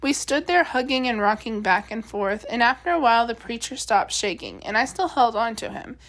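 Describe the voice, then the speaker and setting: A woman teacher reading a children's novel aloud in a steady, expressive storytelling voice. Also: fairly high pitch, moderate pace.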